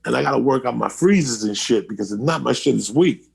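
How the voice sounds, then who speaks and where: A man voicing a brash male coworker who insists in dead earnest that he must practice yelling at people to freeze. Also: medium pitch, lively intonation, a little fast, vocal fry, breathy edge, exaggerated voice. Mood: insistent. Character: brash adult male coworker set on robbing banks.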